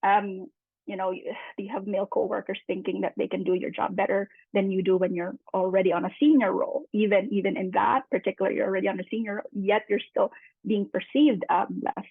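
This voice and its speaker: A woman speaking on a panel, talking haltingly with many restarts. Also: medium pitch, fairly even intonation, gravelly, breathy edge, no room sound. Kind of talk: panel discussion. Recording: dry, tinny phone-like line.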